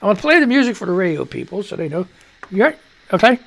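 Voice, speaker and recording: Gravelly, lively man rambling through news. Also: high-pitched, fast. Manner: loose, jokey, mutters to himself, reads headlines aloud. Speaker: radio and livestream host. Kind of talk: rambling live news chat.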